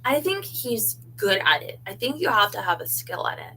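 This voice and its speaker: A woman's voice: on the high side, big pitch swings, moderate pace, sharp tone, a little hiss or hum, low-quality recording. A woman hosting a casual livestream, chatting loosely with lots of fillers as she looks through clothes. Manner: chatty, giggly, fillers like "um" and "you know". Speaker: livestream host. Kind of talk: casual chat while unboxing clothes.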